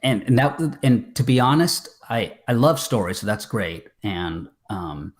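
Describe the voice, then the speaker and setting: A man's voice: on the low side, unhurried. A man, a filmmaker guest, chatting casually on a video call, rambling with many fillers and restarts. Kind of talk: casual interview chat.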